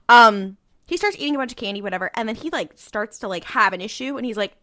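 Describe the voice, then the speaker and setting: A woman co-hosts a casual rewatch podcast, recapping an episode in a breezy, profane style loaded with filler words. Her fairly high voice is expressive, quick, pushed and bright, captured in a dry, clean studio recording.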